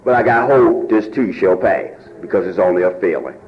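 Man with a Baltimore accent, fiery meeting testimony, shouts and near-tears, lo-fi room recording. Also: low-pitched, normal speed. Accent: African American Vernacular English, Baltimore. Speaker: recovery meeting speaker. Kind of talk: impassioned testimony.

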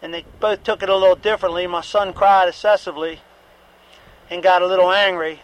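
A man's voice: high-pitched, fairly even intonation, fairly quick, lo-fi sound. A middle-aged man giving a candid, repetitive personal testimony at a recovery meeting, with occasional profanity.

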